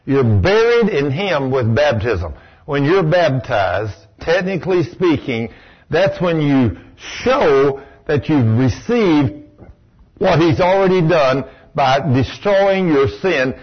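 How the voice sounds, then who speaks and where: A preacher with a high, husky voice delivers a folksy, emphatic sermon. He acts out the voices of the people he quotes. The recording sounds dull and lo-fi. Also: very animated, takes it slowly.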